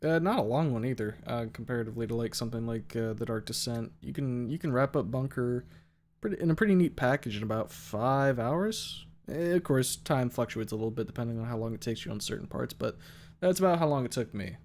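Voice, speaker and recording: A man's voice: medium pitch, animated, brisk, a little mellow, a little hiss or hum. Laid-back man hosting a stream. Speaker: streamer host. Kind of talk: casual chat.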